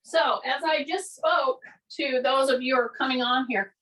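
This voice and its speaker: A woman's voice: high-pitched, moderate pace, a bit bright, recorded from a distance, poor audio. A middle-aged woman teaching an online fitness class, chatty, laughing often, and speaking in an elevated teaching voice. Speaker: fitness instructor. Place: fitness studio. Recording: voice from away from the mic.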